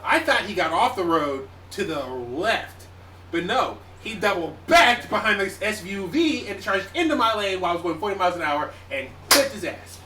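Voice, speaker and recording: A man's voice: sits high, big pitch swings, normal speed, pushed and bright. A young man casually telling a story to friends on a podcast, swearing and acting out his own panic. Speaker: podcast co-host. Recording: echoey room, distant mic, faint noise.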